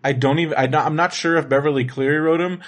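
Man, casual chat, slightly high voice, rambling, restarts a lot. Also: fairly even intonation, fast talker. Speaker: podcast co-host.

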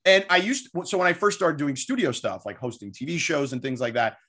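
A sports broadcaster in his forties tells his stories with animated energy. His voice sits fairly high for a man. He rambles through them, full of fillers, in a loose conversational style. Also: brisk, husky. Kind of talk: casual storytelling interview.

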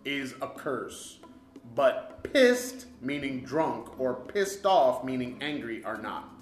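A woman's voice: very deep voice, very animated, slow pace. A woman co-hosting a podcast in casual chat, blunt and argumentative, and she lectures. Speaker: podcast co-host. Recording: echoey room with music behind.

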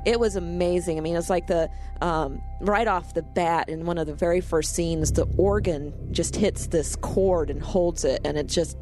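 A woman's voice: lowish voice, moderate pace, hardly any pauses, darkish tone, faint music behind. A woman co-hosting a casual film review chat, talking in a chatty way with frequent laughs and restarts. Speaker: podcast co-host.

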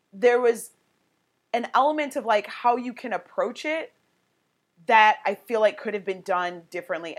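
A woman's voice: mid-range voice, fairly bright tone. A woman guest on a podcast, telling a personal story in a candid, conversational way full of "like" and "you know". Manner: candid and emotionally open.

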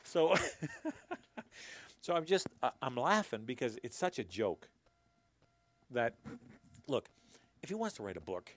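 A man's voice: mid-range voice, very animated, a little slow, long pauses. A man hosting his own commentary, sarcastic and rambling, chuckling at his own jokes. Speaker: commentary host. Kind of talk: casual commentary to camera.

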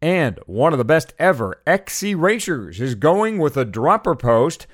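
A man's voice: on the high side, big pitch swings, a little slow, no room sound, clean studio sound. A man hosting a podcast in a casual chat, wry and joking. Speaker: podcast host.

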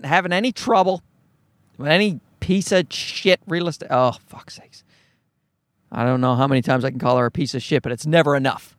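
A man's voice: sits high, a bit bright, dry recording, clean studio sound. A man telling a story to his viewers as a profane, exasperated rant. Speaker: vlogger. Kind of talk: ranting storytime.

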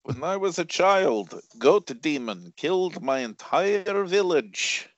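A man voicing a weary old villager with a put-on Eastern European accent, speaking slowly and mournfully. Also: a little high, very animated, no room sound, pitched above the performer's own voice. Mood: gloomy. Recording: dull lo-fi dry recording.

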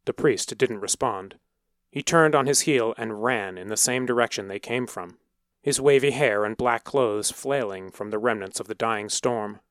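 A man narrating a story in a measured, dramatic way. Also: medium pitch, fairly bright tone, dry recording, studio quality. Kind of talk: scripted narration.

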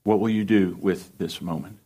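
A man's voice: low-pitched, steady tone, moderate pace, mellow, slightly rough. A male pastor preaching an earnest, pleading sermon and closing it in prayer.

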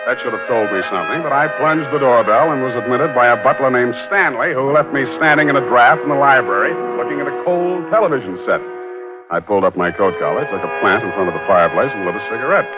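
A man's voice: mid-range voice, animated, fast, close to an everyday voice. An actor playing a cynical male private detective, narrating in first person with dry, sardonic wit in 1940s radio acting. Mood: wry. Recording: muffled 1940s radio broadcast with music.

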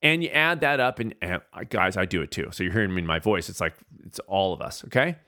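A man's voice: deep voice, lively intonation, quick pace, pushed and bright. Male host, casual motivational monologue, earnest, repetitive, stop-start phrasing. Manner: earnest, conversational, repeats phrases for emphasis; restarts and stammers mid-thought.

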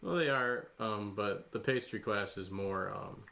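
A man's voice: on the low side, unhurried, creaky, pushed and bright. A man co-hosting a casual radio chat, talking in a chatty way with frequent ums. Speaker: radio show co-host.

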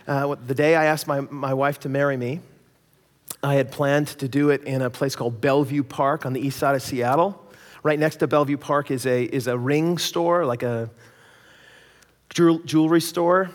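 Animated man preaching in a reverberant church. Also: medium pitch, moderate pace. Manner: animated storytelling, acts out quoted voices. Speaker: pastor. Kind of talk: sermon with personal story.

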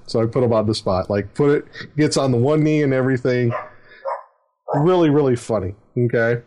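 A man's voice: medium pitch, moderate pace, a little mellow. A middle-aged man, a dungeon master, telling a story in casual chat, rambling with fillers and chuckles. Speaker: dungeon master, podcast host.

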